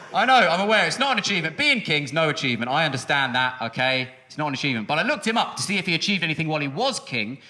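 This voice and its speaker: A man in his thirties doing a stand-up comedy set on a music hall stage, talking in a quick, sardonic way with sudden high outbursts. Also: very animated, pushed and bright. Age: 30s. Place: music hall stage before a live audience.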